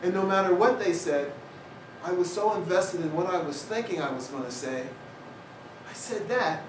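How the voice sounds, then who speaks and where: In a university lecture hall, a man invited as guest speaker tells humorous stories from his own life, sprinkling in wry asides. His voice sits high and moves at a moderate pace, captured by a far-off microphone amid noise and room echo.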